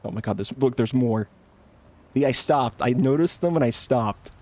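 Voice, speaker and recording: A streamer with a mid-range, darkish voice gives casual live commentary at a moderate pace while playing a game. He jokes and laughs a lot and banters defensively with his chat.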